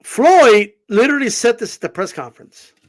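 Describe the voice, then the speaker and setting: Lively, high-voiced man ranting. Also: normal speed. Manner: animated, swearing, rambling with many fillers. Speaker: boxing commentator. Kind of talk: casual boxing talk vlog.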